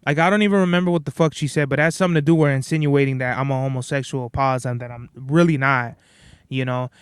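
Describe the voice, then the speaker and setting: A young man hosting a podcast, telling stories in a blunt, profane, animated rant. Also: medium pitch, fast, clear, resonant tone, no echo, clean studio sound. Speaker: podcast host. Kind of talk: casual ranting monologue.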